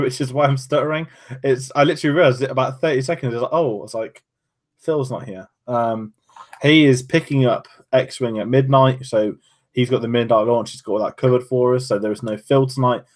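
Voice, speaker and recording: A man's voice: mid-range voice, fairly even intonation, brisk. A man co-hosting a fan podcast, talking loosely and losing his words now and then. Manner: loose and chatty, often trails off mid-sentence. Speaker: podcast co-host. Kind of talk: casual podcast chat.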